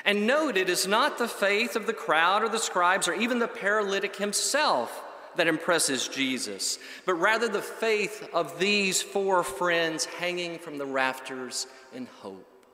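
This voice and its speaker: A man preaching a sermon in a measured, emphatic way, building his points in lists. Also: sits high, big pitch swings, bright, forceful tone. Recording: echoey hall with long reverb.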